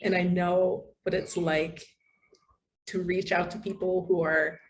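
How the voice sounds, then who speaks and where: An American woman guest talks in a chatty, animated way, with plenty of fillers along the way. Her voice sits fairly low. A faint hiss of noise runs under the recording. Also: a little slow. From United States. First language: English. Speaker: podcast guest, content writer. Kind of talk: casual interview chat.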